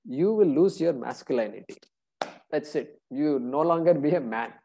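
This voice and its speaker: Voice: medium pitch, expressive, moderate pace, creaky, mellow, a little hiss or hum. A teacher voicing a spurned celestial nymph. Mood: furious. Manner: pleading, then cursing in anger.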